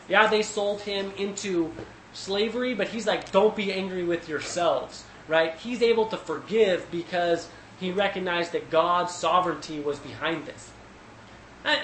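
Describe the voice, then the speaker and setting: A man leading a casual Bible study who thinks aloud with fillers and restarts, getting animated when he retells scenes. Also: high-pitched, roomy sound, a little hiss or hum, low-quality recording.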